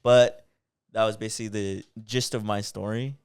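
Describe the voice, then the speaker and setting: A young man co-hosting a podcast, telling a story in a casual, animated way and swearing a lot. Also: fairly low pitch, moderate pace, smooth, no echo. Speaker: podcast co-host.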